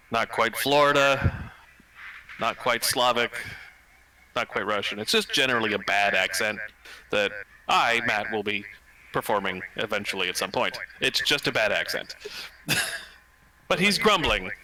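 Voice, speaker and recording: A man's voice: medium pitch, sharp tone, rough recording. A man describing his character at a tabletop roleplaying game, in a rambling way with chuckling asides. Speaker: player.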